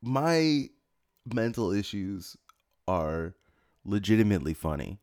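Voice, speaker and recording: A man's voice: fairly low pitch, sing-song, slow pace, a little mellow. A young man in casual crude banter on a podcast, rambling, swearing and laughing often.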